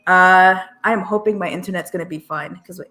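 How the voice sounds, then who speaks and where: A woman talking as a guest in a casual discussion, halting and hesitant. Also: lowish voice, sharp tone.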